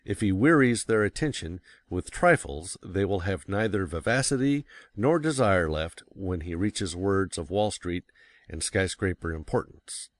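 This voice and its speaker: A man reading a classic public speaking guide aloud in a measured audiobook style, stressing key words. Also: low-pitched, animated, no room sound. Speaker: narrator.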